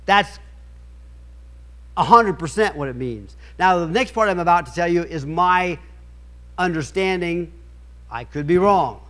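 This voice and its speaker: High-voiced man preaching emphatically. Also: expressive, unhurried, long pauses, a bit bright. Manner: emphatic, rhetorical questions; stumbles and restarts while reading aloud. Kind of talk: sermon with scripture reading.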